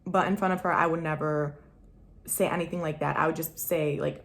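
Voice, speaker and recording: A young woman vlogger telling a personal story to camera, candid and slangy, swinging between loud emphasis and hushed asides. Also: sits low, fairly even intonation, fairly quick, gravelly. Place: home room.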